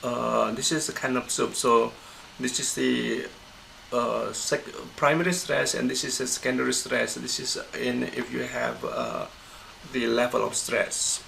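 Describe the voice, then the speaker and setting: Gravelly-voiced man teaching a pronunciation lesson. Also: mid-range voice, flat delivery, fairly bright tone, a little hiss or hum, rough recording. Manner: halting, stops often to find the word. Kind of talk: recorded lesson explanation.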